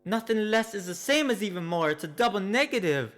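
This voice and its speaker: A man's voice: high voice, expressive, fairly quick, fairly bright tone. A man voicing his stern, preachy brother who keeps saying bro and yo. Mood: lecturing. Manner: lectures solemnly, peppered with "bro" and "yo". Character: laid-back slangy male brother, preachy and stern. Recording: long reverb with faint music.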